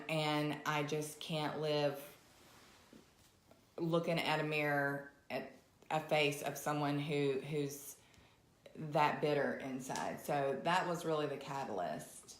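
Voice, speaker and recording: A woman with a Southern US accent talking candidly and reflectively as a podcast co-host, often pausing and restarting. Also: deep voice, reverberant. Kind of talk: casual conversation.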